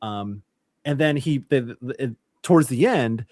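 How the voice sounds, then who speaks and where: A man's voice: medium pitch, lively intonation, a little slow, a little mellow, no echo, clean studio sound. A man, a podcast guest, chatting casually and telling a rambling story with plenty of swearing. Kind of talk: casual chat.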